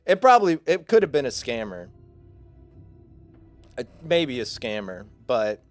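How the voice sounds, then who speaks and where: A man's voice: medium pitch, very animated, unhurried, soft background music. A man in his twenties, a streamer, chatting casually with his viewers and rambling through a self-deprecating story full of fillers.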